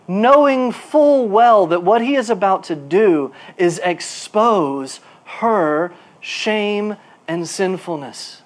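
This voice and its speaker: A male pastor preaching a sermon. His delivery is animated, moving from quiet asides to emphatic bursts, and he repeats words while he looks for a phrase. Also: high-pitched, slow.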